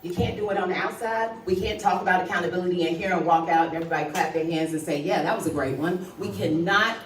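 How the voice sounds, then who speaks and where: A woman's voice: fairly low pitch, steady tone, quick pace. Woman speaker at a rally, emphatic and direct, recorded from a distance with a roomy, faintly noisy sound. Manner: emphatic, addresses crowd directly. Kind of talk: impassioned public speech. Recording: distant, roomy livestream audio with faint noise.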